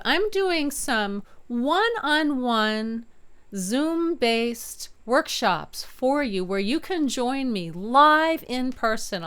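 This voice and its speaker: A woman's voice: on the high side, a bit bright, smooth. A middle-aged woman voice teacher giving an upbeat video lesson in her home studio, sometimes singing to show her registers. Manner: upbeat, demonstrates chest and head voice by singing.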